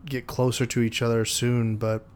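A man's voice: mid-range voice, flat delivery, normal speed, slight background noise. A man in casual podcast chat who hesitates a lot, restarting sentences and filling gaps with ums while he explains.

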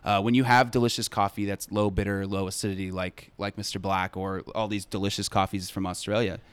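A man's voice: fairly low pitch, little pitch movement, fairly quick, smooth. A man chatting casually on a podcast, explaining at length with plenty of fillers and enthusiasm. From United States. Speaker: brand representative guest.

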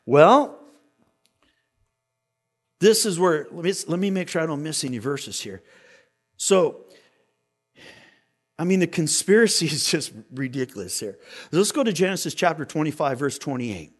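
A man preaching a sermon, retelling a scripture story in a casual, animated way and often repeating words. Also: on the high side, measured pace, long pauses, husky. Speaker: pastor.

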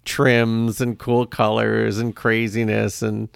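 Gravelly-voiced man in chatty conversation. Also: on the low side, monotone, takes it slowly, dry recording, studio quality. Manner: chatty, trails off mid-thought. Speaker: podcast co-host. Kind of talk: casual chat.

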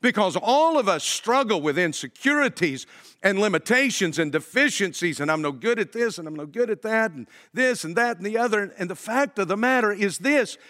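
A man preaching a sermon as pastor, emphatic and swinging between loud and hushed delivery. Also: high voice. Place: church sanctuary. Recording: long hall reverb.

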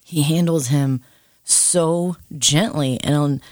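Mid-pitched voice, thoughtful podcast co-host, long explanations, quick asides, dry close mic. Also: a little mellow, dry recording. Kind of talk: casual faith discussion.

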